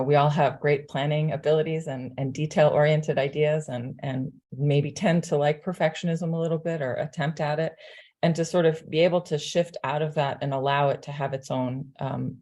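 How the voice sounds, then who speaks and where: Brief: woman panelist, deep and mellow voice, thoughtful and halting, over a video call. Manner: halting, searching for words, frequent "you know". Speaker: designer on a panel. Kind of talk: reflective panel discussion.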